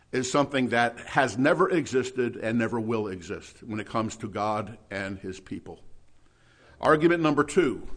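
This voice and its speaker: A middle-aged man preaching a sermon, emphatic, with loud stressed words and quiet asides. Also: medium pitch. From New Jersey.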